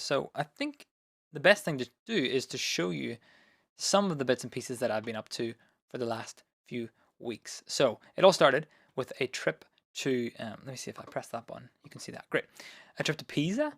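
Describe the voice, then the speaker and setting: A man hosting his own live stream, chatting casually with viewers and rambling with lots of ums, his voice a little hoarse. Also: medium pitch, moderate pace, dry recording, clean studio sound. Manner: relaxed, rambling, many fillers. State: voice going hoarse. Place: home studio.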